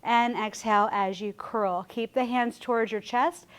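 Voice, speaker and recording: A woman instructing a Pilates class, calmly cueing breaths while she demonstrates the moves. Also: a little high, moderate pace. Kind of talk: guided exercise instruction.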